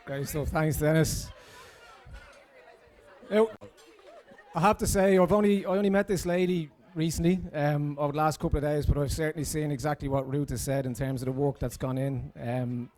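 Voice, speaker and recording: A man emcees the speeches at a wedding, warmly thanking one speaker and bringing up the next. His voice sits a little high but sounds mellow and dark, with a crowd faintly murmuring behind him. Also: fairly even intonation, moderate pace. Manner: friendly, announcing speakers. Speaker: master of ceremonies.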